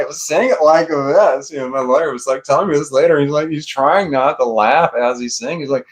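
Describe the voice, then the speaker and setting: A man's voice: a little high, a little fast, few pauses. A middle-aged man casually telling a long personal story, rambling, swearing freely and laughing often. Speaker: vlogger.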